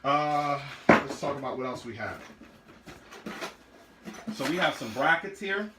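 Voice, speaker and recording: A man's voice: a little high, expressive, a little slow, reverberant, very noisy. A man casually showing car parts in his garage, talking loosely with many fillers and restarts. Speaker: car build vlogger.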